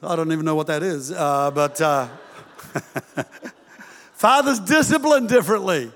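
A male pastor preaching a sermon in an animated, humorous way, acting out the voices of parents. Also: on the high side, a little slow, long reverb tail, a little hiss or hum.

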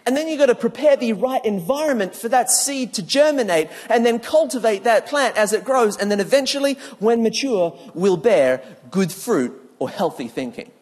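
A man's voice: very high-pitched, moderate pace, few pauses. A man preaching a sermon that mixes scripture and neuroscience, telling stories with humor and acting out what people say. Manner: animated storyteller who acts out quotes with humor. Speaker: preacher and speaker. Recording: long hall reverb.

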